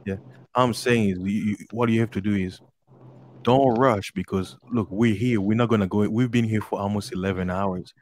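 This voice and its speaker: A man giving advice in a casual group voice chat, speaking slowly and deliberately in a coaching tone. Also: on the low side, steady tone, a little mellow.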